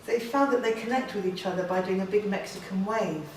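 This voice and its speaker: A woman's voice: medium pitch, fairly quick, darkish tone, recorded from a distance, a little hiss or hum. A woman artist giving an informal, enthusiastic gallery talk to an audience, chatty and self-deprecating. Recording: very echoey room, voice from afar.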